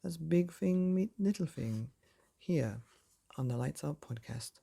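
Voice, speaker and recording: A man reads a bedtime story aloud in a cosy, theatrical way. His voice is husky and mellow, with a gravelly rasp. He takes his time over every line. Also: a little high, animated, a little slow. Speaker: bedtime story narrator and host.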